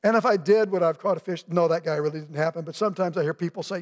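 A middle-aged man preaching a sermon as pastor, animated and acting out the voices of people in the story, in a church sanctuary. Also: fairly high pitch, racing, hardly any pauses. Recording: long reverb of a church hall.

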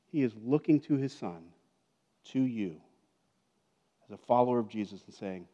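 A man's voice: mid-range voice, animated, a little slow, long pauses, warm tone, highs cut off. A man preaching a conversational sermon as a pastor, with joking asides and frequent check-ins like "okay?" and "right?". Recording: long reverb of a large hall.

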